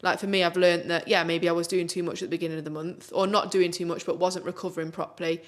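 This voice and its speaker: A young woman co-hosts a casual podcast, talking in an upbeat, chatty stream full of fillers. Her voice sits on the lower side for a woman. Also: flat delivery, fast talker. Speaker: podcast co-host.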